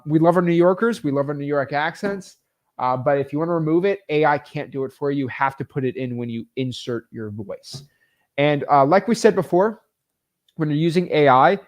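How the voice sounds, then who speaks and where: A man teaching real estate wholesaling in a casual, energetic way, full of fillers like "like" and "um". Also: fairly high pitch.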